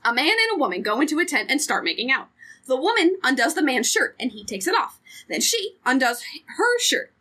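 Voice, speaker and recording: Bright, high, lively podcast woman. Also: a little fast. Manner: frank, profane, joking. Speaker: podcast co-host. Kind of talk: casual chat.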